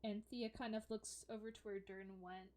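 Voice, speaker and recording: A woman's voice: medium pitch, level tone, normal speed, a little mellow. A woman narrating a tabletop game as dungeon master, casual and full of fillers.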